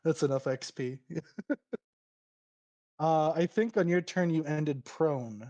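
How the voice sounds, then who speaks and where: A man narrating as game master for a tabletop game, chatty and quick to laugh. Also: on the high side, muffled recording. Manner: laughs often, relaxed and chatty.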